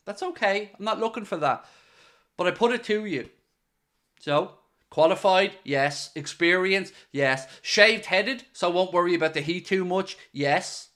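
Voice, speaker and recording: A man's voice: high-pitched, measured pace, pushed and bright. An Irish man hosting a football fan channel, talking casually to camera in a playful, mock-serious, sarcastic way. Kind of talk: casual solo commentary to camera.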